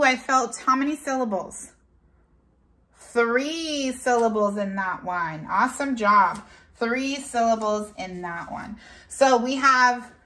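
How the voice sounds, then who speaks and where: Slow, clear-speaking woman teacher. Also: a little high, bright, forceful tone. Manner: slow, clear, drawn-out classroom delivery; switches into Spanish for the date. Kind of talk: online class lesson.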